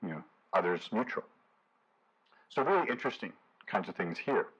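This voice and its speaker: A man's voice: on the low side, expressive, moderate pace, fairly bright tone, husky, low-quality recording. A man lecturing to a community audience as a professor, in a conversational way, with frequent "you know" and hesitant fillers.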